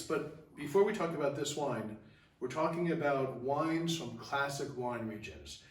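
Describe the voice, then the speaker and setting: A man's voice: mid-range voice, echoey room, distant mic. A man co-hosting a wine show, upbeat, leading the tasting and moving between wines. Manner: upbeat, leads the tasting and segues. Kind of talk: casual wine tasting chat.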